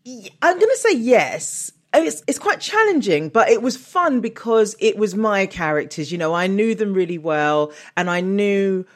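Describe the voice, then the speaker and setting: A woman's voice: medium pitch, sing-song, moderate pace, few pauses. A woman talking casually as a guest author and comedian, chatty, often laughing and restarting her sentences. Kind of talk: casual interview chat.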